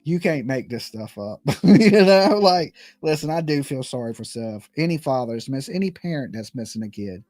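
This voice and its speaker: A man's voice: medium pitch, animated, normal speed, few pauses, a little mellow, no echo, faint music behind. A man hosting a casual commentary show, rambling and laughing as he tells stories. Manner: rambling, laughs often, storytelling. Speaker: host.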